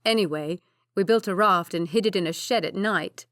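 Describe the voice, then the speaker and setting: A woman's voice: mid-range voice, normal speed, a bit bright, dry recording, studio quality, natural voice. A woman voicing an earnest young English nobleman who speaks with concern for his brother. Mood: lively.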